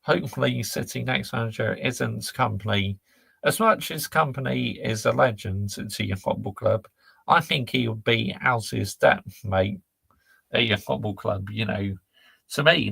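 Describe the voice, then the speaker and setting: A gravelly, husky man, talking bluntly and reacting to chat on a live stream. His voice is close and dry, with no room sound, and his pitch sits in the middle. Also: a bit bright, dry recording. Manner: ranting, blunt, laddish slang. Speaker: football channel host reading live chat.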